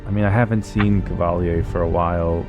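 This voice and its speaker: A man's voice: low-pitched, steady tone, phone-quality sound, over music, close to an everyday voice. A man doing a hesitant young kid crew member. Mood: worried. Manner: hesitant, halting, many fillers.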